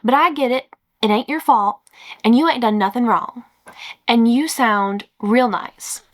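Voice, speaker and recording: A woman's voice: a little high, measured pace, natural voice. A woman voicing a laid-back Southern man, a fed-up phone customer who talks in a folksy, drawling, weary but polite way.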